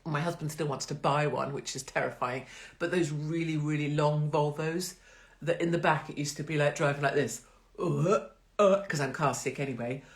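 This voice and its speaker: Woman, middle-aged, low voice; chatty live-stream host, sarcastic, frequent laughter. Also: moderate pace. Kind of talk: casual live-stream chat.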